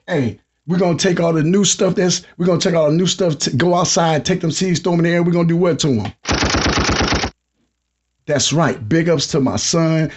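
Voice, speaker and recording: A middle-aged man hosting a podcast, talking casually and hyping up listeners with repeated shout-outs. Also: fairly high pitch, normal speed, over a noisy crowd, heavy background noise. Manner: hyped, repetitive shout-outs to the audience. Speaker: podcast host.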